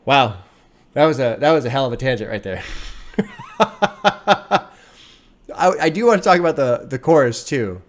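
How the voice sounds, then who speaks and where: A man's voice: medium pitch, animated, moderate pace. A man hosting a music reaction video, talking casually in an earnest, rambling way and swearing freely.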